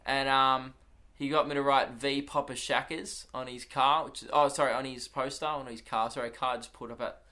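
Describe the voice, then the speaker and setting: A man's voice: mid-range voice, steady tone, normal speed, sharp tone. A young Australian man, a comedian, chatting casually on his solo podcast and telling rambling, swearing anecdotes in an Australian accent.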